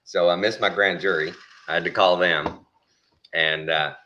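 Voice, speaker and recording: A middle-aged man telling a story in casual chat, slipping into high voices when he quotes other people. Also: steady tone, normal speed, lo-fi sound, background noise.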